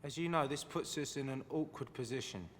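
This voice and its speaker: Actor as a cool, measured poker player; roomy reverb. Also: male voice, mid-range voice, slight background noise, natural voice. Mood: calm. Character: calm male poker player Eddie, measured.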